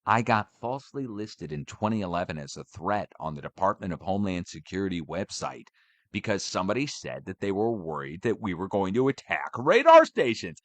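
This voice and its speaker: A man giving a casual, animated ranting update for his channel, swearing as he goes. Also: mid-range voice, no room sound. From United States. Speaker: channel host.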